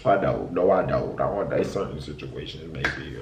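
In a casual reaction vlog, a man reads viewer confessions aloud, blunt and foul-mouthed, swinging from squealed outbursts to low mutters. His voice is expressive and creaky at a normal speed, recorded in an echoey room with background noise.

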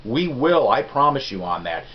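A middle-aged man hosts a music review vlog, talking straight to his viewers in a folksy, rambling, self-deprecating way. His pitch sits in a typical middle range, and the recording is a little dull and lo-fi. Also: sing-song, moderate pace. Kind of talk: casual rambling review chat. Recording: dull lo-fi sound.

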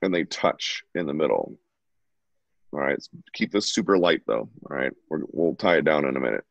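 A man's voice: a bass voice, animated, moderate pace, vocal fry, no echo. A man at home giving a casual, chatty live drawing lesson and talking while he sketches. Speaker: drawing instructor. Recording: dull lo-fi, dry sound.

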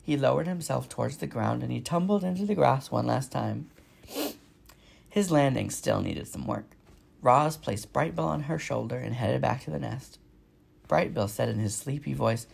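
A man reading a children's novel aloud with expressive storytelling. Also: medium pitch, moderate pace, creaky, husky. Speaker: reader.

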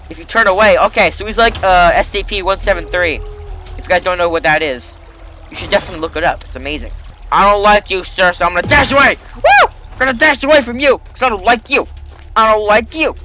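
A young man doing let's play commentary, excitable and rambling, yelping and joking as he plays. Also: high-pitched, a little hiss or hum. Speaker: gaming YouTuber.

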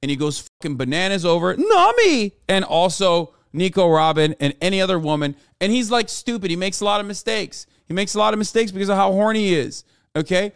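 Man, live streamer, high-pitched, smooth clear voice, animated swearing rant. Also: fast, no room sound, studio quality. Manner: animated, heavy swearing, exasperated. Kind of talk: casual rant to live chat.

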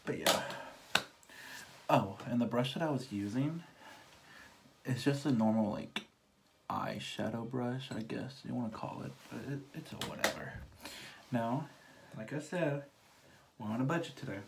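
A beauty vlogger chatting through a casual makeup tutorial with theatrical exclamations and quick whispered asides. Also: mid-range voice, vocal fry, very noisy.

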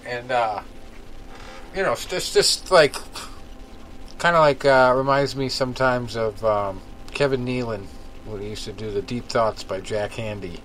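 A man's voice: medium pitch, measured pace, a bit bright, slight background noise, poor audio. Rambling man chatting on a podcast. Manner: rambling, filler-heavy storytelling. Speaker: podcast co-host. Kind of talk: casual chat.

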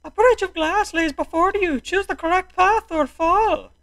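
A man voicing a male game announcer with a deliberately rough Irish accent. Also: very high voice, a bit bright, distant mic, voice pushed up, heavily acted. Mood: announcing. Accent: Irish, put on badly.

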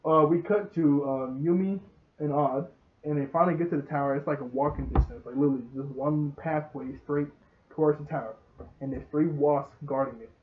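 A chatty man recaps a show, laughing often and breaking into bits of acted dialogue. His voice sits a little higher than average. The sound is thin and tinny, like a phone line. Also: brisk, background noise. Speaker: show reviewer. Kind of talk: casual recap.

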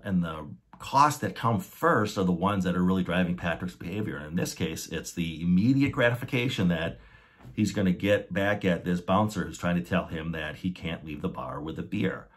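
A man's voice: deep voice, husky. A man hosting a podcast, explaining ideas methodically and restating his key points. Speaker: podcast host.

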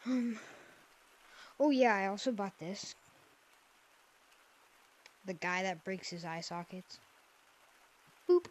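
A woman gaming video creator talks slowly in a mid-range voice, pausing often, as she gives playful, silly gameplay commentary into a headset mic. She swings between mumbled asides and squeals.

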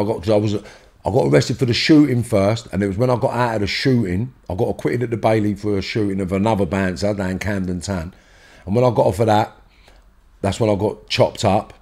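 A man's voice: on the low side, darkish tone. London guy telling a story on a podcast, blunt, swears a lot, acts out the rows. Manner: blunt, swears freely, acts out heated dialogue. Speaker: interview guest.

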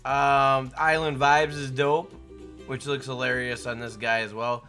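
Hyped young streamer guy, bright voice. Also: medium pitch, flat delivery, measured pace, faint music behind. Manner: hyped, shouts out chat names. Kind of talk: casual live-stream chat.

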